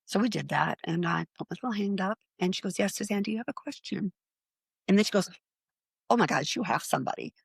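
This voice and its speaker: A middle-aged woman tells her story as a podcast guest, slipping into other people's voices as she quotes them. Her voice carries a gravelly fry, and it sounds close and dry with no room around it. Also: medium pitch, fast talker, dry recording. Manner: animated anecdote-telling with acted-out quotes. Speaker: guest, psychic medium.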